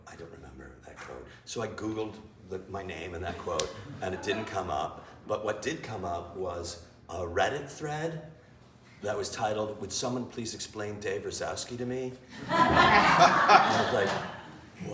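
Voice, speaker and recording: A man, an improv teacher and director, telling animated, self-mocking stories in an interview. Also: fairly low pitch, unhurried. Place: theater. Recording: roomy, distant mic with faint noise.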